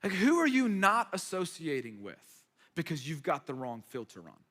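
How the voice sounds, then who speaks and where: A man's voice: a little high, huge pitch swings, moderate pace, fairly bright tone. A man preaching a sermon as a pastor, conversational and emphatic with playful asides. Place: church hall. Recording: reverberant hall.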